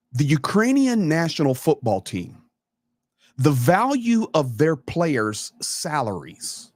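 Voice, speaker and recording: A man's voice: on the high side, no room sound. Man, live stream talk, earnest, emphatic, repeats words for stress, dry close sound. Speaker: live stream guest commentator.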